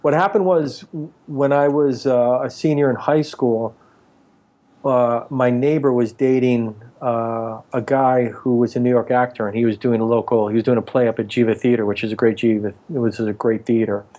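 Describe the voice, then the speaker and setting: Guy in his 40s rambling through old acting stories in an interview, does the voices of people he quotes, mid-pitched voice. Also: fairly even intonation, moderate pace, mellow. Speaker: actor and author, interview guest. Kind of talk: casual interview storytelling.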